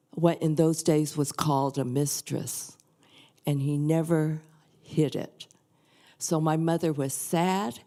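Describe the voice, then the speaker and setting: An older woman reading a prayer and then sharing a personal story at a church service, soft and earnest. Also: deep voice. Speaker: guest reader at a church service. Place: church sanctuary.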